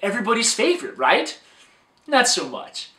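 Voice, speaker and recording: Bright-voiced guy giving a dating coach talk, sounds kinda far off in a roomy space. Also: high-pitched, wildly swooping pitch, normal speed. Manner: upbeat, coaching. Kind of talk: scripted motivational talk.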